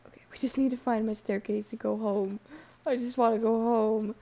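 A woman's voice: fairly high pitch, fairly even intonation, moderate pace, creaky, dark tone. A young woman giving casual gameplay commentary in a panicky, self-mocking way, swearing freely. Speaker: Minecraft let's player.

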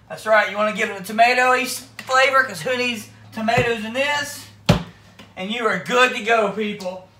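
A bright-voiced Southern US man hosts a home cooking vlog with crude, rowdy humor. His voice rings around an echoey kitchen, heard from some distance off the mic. A faint hiss sits under the whole recording. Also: extremely high pitch. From Florida, US. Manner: rowdy, crude joking, repeats "that's right, folks". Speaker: cooking video host.

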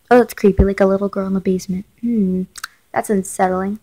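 A woman's voice: medium pitch, fairly even intonation, fairly quick, gravelly, dark tone, rough recording. A woman reading a chat story who stops to comment and talks casually to her viewers, often saying "like.". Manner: chatty, filler-heavy, talks to viewers.

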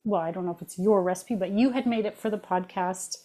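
A woman's voice: mid-range voice, fairly quick, dark tone. A middle-aged woman co-hosting a cooking podcast, chatting casually with rambling asides and frequent laughs. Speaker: podcast co-host.

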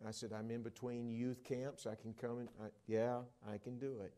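A middle-aged man preaching a sermon in a church, telling stories and swinging from hushed to loud, excited delivery. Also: medium pitch, moderate pace. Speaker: traveling evangelist preacher. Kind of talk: sermon with storytelling. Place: church sanctuary at a conference. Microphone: wearing a microphone.

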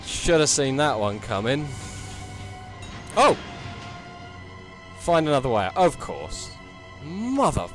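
A man narrating his horror game playthrough. His pitch swings wildly between flat mutters and high yelps, and he swears at every scare. Faint game music plays behind him. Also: slow, long pauses. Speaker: let's play gamer.

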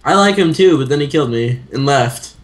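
A man's voice: mid-range voice, animated, a little fast. Teasing man commenting on gameplay. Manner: teasing, banters. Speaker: gamer.

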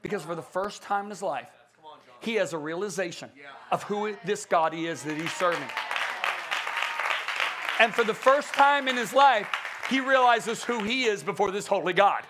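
A middle-aged man preaching a conference sermon, emphatic and animated, acting out quotes in different voices. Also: moderate pace, pauses often, a crowd in the background. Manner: animated, emphatic, acts out quotes with big pitch swings.

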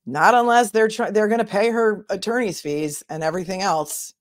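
A woman's voice: mid-range voice, moderate pace, no echo, studio quality. A woman attorney hosting a casual livestream, chatting and answering viewer comments as she thinks aloud.

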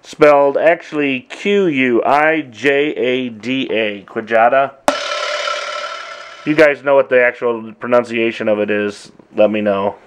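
A middle-aged man casually walking through his old drum machine sounds, talking in a relaxed, halting way with frequent pauses. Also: medium pitch, a little hiss or hum. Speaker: drummer demonstrating gear. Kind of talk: casual demo walkthrough.

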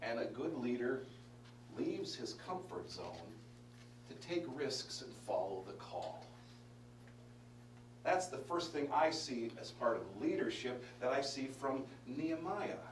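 A man preaching a Bible study sermon, lively and emphatic, asking the congregation questions and restarting his sentences. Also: medium pitch, a little hiss or hum. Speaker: pastor teaching a Bible study. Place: church hall. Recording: roomy live-stream audio from a distance.

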